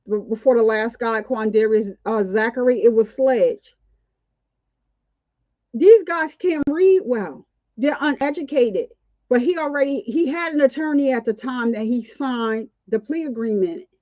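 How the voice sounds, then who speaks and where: A woman's voice: on the high side, unhurried, dry recording, dull audio. A woman hosting a casual, outspoken commentary on a court trial, indignant and chatty. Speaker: commentary channel host.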